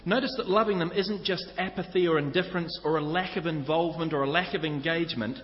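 Kiwi pastor preaching, earnest, talks right at you, bit high voice, hall echo. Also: male voice, fast talker. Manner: earnest teaching, direct address to listeners. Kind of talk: sermon. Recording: echoey hall, slightly dull sound.

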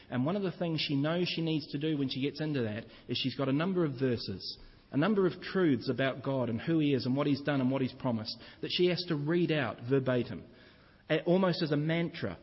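Husky New pastor preaching. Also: male voice, medium pitch. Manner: earnest, explanatory, asks the congregation questions. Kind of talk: sermon. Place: church. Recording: reverberant church hall, dull lo-fi sound.

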